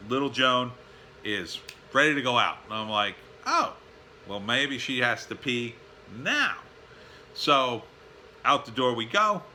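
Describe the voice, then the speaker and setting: A man tells a casual, rambling story at home, his voice strikingly bright and sharp at a middling pitch. He fills his talk with uh's and weary asides. A faint background ambience hums behind him. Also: expressive, normal speed, a little hiss or hum. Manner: rambling, with many fillers and tired sighing asides. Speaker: vlogger. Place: at home, backyard and indoors.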